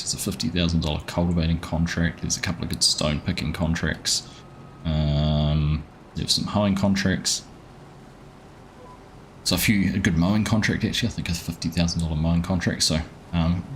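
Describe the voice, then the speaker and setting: A man's voice: sits low, fairly even intonation, a little fast, slight background noise. A man hosting a live gaming stream, chatting casually and greeting viewers by name as he plays.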